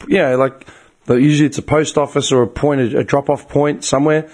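An Australian man in his twenties or thirties rants in a casual way, swears a lot and retells each exchange with mounting outrage. His voice is mid-pitched and sits in the middle of the male range. It sounds worn and a little strained from talking so long. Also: fast talker. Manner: profane, exasperated storytelling with bursts of animated outrage. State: voice getting tired and strained. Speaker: group chat regular. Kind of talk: casual ranting story.

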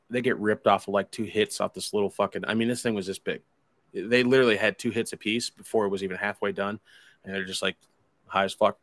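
Low-voiced man telling a rambling story. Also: no echo. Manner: rambling, profane, acts out friends' lines. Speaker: podcast host telling a story. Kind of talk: casual storytelling chat.

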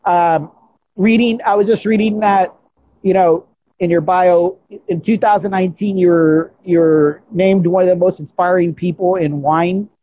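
An enthusiastic interview host speaks in a mid-pitched voice over a video call. The sound is dull and lo-fi. The phrasing is halting and effusive. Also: fairly even intonation, a little hiss or hum. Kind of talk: casual interview conversation.

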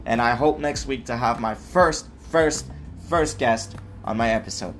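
A man's voice: mid-range voice, a little slow, music in the background. Earnest man hosting a solo podcast. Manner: earnest, repeats himself, tags lines with "right?" and "okay?". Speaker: podcast host. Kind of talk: solo personal podcast monologue.

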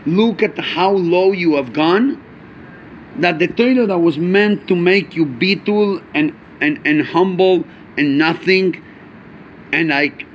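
Man teaching a lively chassidic class. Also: on the high side, slight background noise. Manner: animated, rhetorical questions, Yiddish and Hebrew terms. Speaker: Torah teacher.

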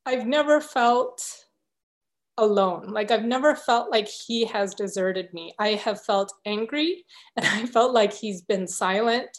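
A woman guest in a conversational interview, telling her story in an earnest, openly emotional way. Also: mid-range voice.

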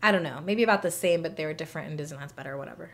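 A woman's voice: deep voice, very fast. Chatty woman podcast co-host. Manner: chatty, enthusiastic recounting. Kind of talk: casual chat.

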